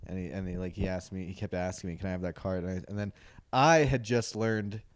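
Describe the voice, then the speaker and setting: Comedian guy on a podcast, lowish voice, rambly stories with lots of likes. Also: fairly even intonation, fairly quick, a little hiss or hum. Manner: rambling anecdotes with filler words and quoted voices. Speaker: comedian co-host. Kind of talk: casual comedic banter.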